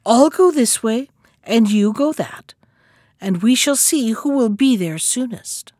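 A woman voicing a sly, wicked, hungry wolf in a storybook reading, sometimes softening her voice. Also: on the high side, animated, slow, no room sound, clean studio sound.

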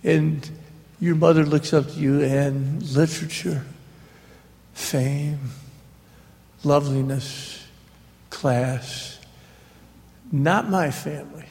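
A man's voice: on the high side, steady tone, slow, creaky, long pauses, a little mellow. A man telling funny stories as an author before a live audience, recorded in a hall. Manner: humorous anecdotal storyteller. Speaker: author speaking on a book tour. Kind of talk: live storytelling talk. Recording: long hall reverb.

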